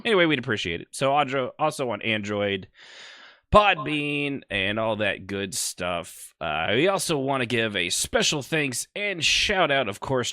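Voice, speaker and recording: A man's voice: fairly low pitch, bright, forceful tone, dry recording, clean studio sound. A man hosting a casual podcast, joking and rambling as he teases his listeners. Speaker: podcast host.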